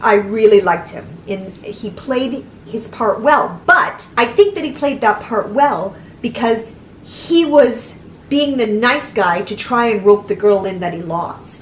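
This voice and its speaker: A woman co-hosting a casual chat, talking in a chatty, animated way and often correcting herself. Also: fairly high pitch, a little slow. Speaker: co-host. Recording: echoey room, faint noise.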